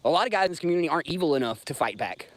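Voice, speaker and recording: A Southern-accented man in his thirties hosts a casual livestream. His voice sits a little high. He talks bluntly and swears freely as he rambles through his grievances. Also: animated, very fast. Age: 30s. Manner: profane, blunt, rambling, talks straight to chat. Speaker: livestream host.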